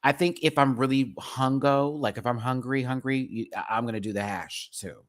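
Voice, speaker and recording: Livestream host, male, sassy and animated, casual rant to viewers. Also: brisk. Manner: animated, sassy, talks straight to chat with big pitch jumps. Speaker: live stream host.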